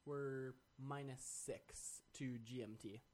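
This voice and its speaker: A man's voice: medium pitch, steady tone, slow pace, darkish tone, a little hiss or hum. A man co-hosting a tech podcast, chatting casually and joking around. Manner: jokey, playful, makes things up. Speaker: podcast co-host. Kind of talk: casual chat.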